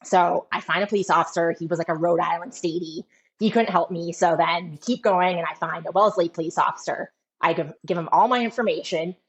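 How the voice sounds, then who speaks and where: A woman's voice: on the low side, a little fast. A woman telling a running story in casual chat, full of fillers. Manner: chatty storytelling with many fillers. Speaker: guest runner. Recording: dull lo-fi sound.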